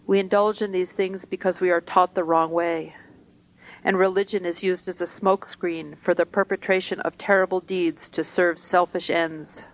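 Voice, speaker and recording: A woman reading a spiritual talk aloud to a gathering in a slow, deliberate, measured way. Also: on the low side, fairly even intonation, low-quality recording.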